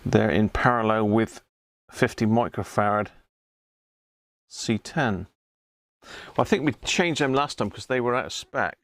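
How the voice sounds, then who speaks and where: A man's voice: lowish voice, unhurried, no room sound. A man hosting a casual live repair stream, chatting and muttering to himself while he works at his bench. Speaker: electronics repair hobbyist host.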